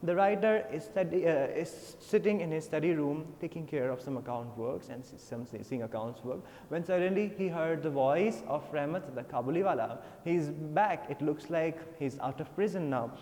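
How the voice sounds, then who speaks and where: This Indian English-accented teacher reads passages from a textbook story, then paraphrases them loaded with fillers. He speaks at a moderate pace with hardly any pauses, in a fairly high but dark-toned voice, and long reverb surrounds the recording.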